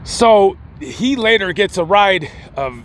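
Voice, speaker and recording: A man casually retelling a true-crime story, rambling and acting out the quotes in animated voices. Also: high-pitched, takes it slowly, a little hiss or hum. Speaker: YouTube storyteller.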